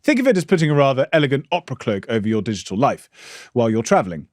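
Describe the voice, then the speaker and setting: A man hosting a podcast, explaining at a measured pace with some stammering restarts. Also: mid-range voice, sing-song, no room sound, clean studio sound. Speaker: podcast host. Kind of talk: interview and read ad.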